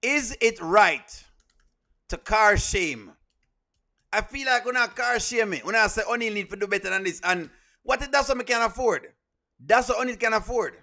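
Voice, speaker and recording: High, bright Jamaican man bantering. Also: fast, creaky. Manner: playful, pleading, laughs often, argues with the chat. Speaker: streamer and show host. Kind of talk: live reaction stream, chatting with viewers.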